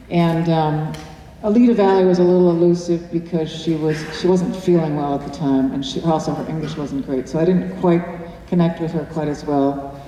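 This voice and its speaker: An older woman tells chatty stories at a cinema Q&A, laughing often. Her low, mellow voice is picked up from far off. It rings through a big echoey hall with faint room noise. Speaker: actress answering audience questions. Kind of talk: post-screening Q&A. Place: cinema auditorium.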